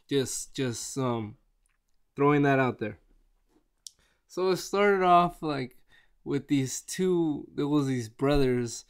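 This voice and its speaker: A man chatting casually on camera in a rambling, excitable way, with many restarts. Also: mid-range voice, smooth. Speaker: vlogger reviewing a movie. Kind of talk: casual chat.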